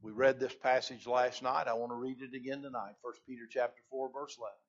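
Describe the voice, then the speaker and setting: A male preacher giving a sermon, rising loud on key phrases and dropping low between them. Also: level tone, fast talker. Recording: dull lo-fi recording.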